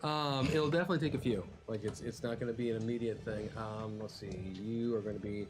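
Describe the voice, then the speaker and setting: A man running a tabletop role-playing game, relaxed and laughing easily, with many hesitant fillers. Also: fairly low pitch, fast, over music. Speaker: game master.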